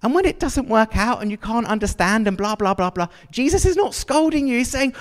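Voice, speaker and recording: A man's voice: extremely high pitch, animated, fairly quick, few pauses. A man preaching a sermon to a congregation, chatty and questioning, often checking in with his listeners. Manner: conversational, asks the congregation questions. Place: church hall with long reverb. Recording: long hall reverb.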